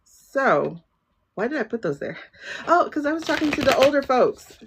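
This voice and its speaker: A woman's voice: sits high, sing-song, moderate pace, background noise. A woman hosting a spiritual livestream, chatting casually and talking straight to her viewers. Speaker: livestream host, tarot reader.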